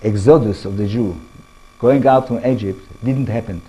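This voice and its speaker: Husky older man, Israeli accent. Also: fairly low pitch, dark tone, muffled recording. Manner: halting, restarts words, asks audience questions. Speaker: lecturer. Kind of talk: public talk to an audience.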